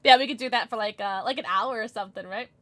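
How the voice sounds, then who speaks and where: A woman streamer chatting casually with her live audience, bubbly and giggly, rattling off quick greetings. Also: fairly high pitch, sharp tone. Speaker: Twitch streamer.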